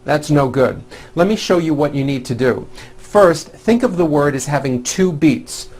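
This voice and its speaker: A man teaching pronunciation at an unhurried, careful pace. His voice sits a little high for a man, and he stretches out each sound to demonstrate it clearly. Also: animated, a little mellow. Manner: slow, deliberate, exaggerated demonstration of sounds. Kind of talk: scripted English pronunciation lesson.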